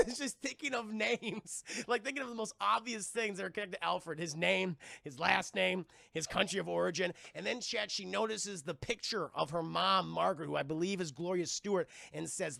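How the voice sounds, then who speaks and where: A man reviewing a film on a live stream, chatting with viewers in a casual, profane and animated way and acting out the scenes he retells. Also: high voice, moderate pace, creaky, no room sound.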